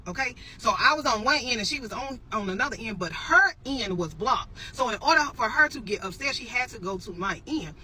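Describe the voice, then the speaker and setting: Animated woman telling a story straight to camera. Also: a little high, a little fast, hardly any pauses, slight background noise, low-quality recording. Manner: animated, addresses viewers as y'all, emphatic repetitions. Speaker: storytelling vlogger. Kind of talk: casual storytelling to viewers.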